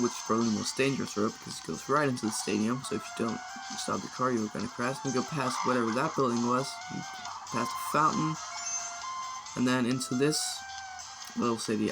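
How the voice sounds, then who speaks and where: A man's voice: mid-range voice, brisk, creaky, poor audio. Rambling young man over game music. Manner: rambling, unsure, with mock outrage. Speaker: gaming video creator. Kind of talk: casual gameplay commentary. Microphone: phone. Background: video game music.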